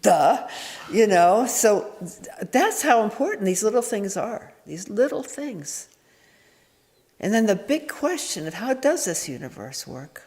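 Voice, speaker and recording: Woman, Zen teacher, candid meandering talk, mid-pitched, echoing meditation hall. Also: very animated, unhurried, darkish tone. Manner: meandering and candid, with frequent restarts and chuckles. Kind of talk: informal dharma talk. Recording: echoey hall reverb.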